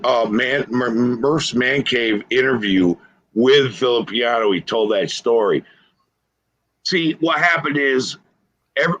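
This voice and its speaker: A man co-hosting a casual sports podcast, telling stories in an animated way. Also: mid-range voice, low-quality recording. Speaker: podcast co-host.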